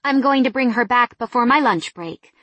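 A woman's voice: fairly high pitch, animated, normal speed, a bit bright, no echo, pitched above the performer's own voice. A woman doing a chirpy young assistant. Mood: helpful. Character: polite, eager young female assistant.

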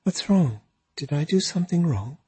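A man's voice: mid-range voice, huge pitch swings, moderate pace, a little mellow, breathy edge, no echo, voice pushed up, full character voice. A man doing a kind, wistful young woman. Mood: upset.

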